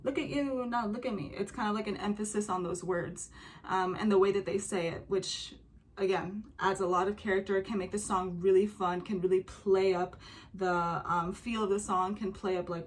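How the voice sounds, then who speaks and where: A woman's voice: medium pitch, little pitch movement, normal speed. A young woman talking casually about a song's music, with many fillers and humming or singing short examples. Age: young adult. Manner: chatty, many fillers, hums and sings examples. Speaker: music commentator reacting to a song.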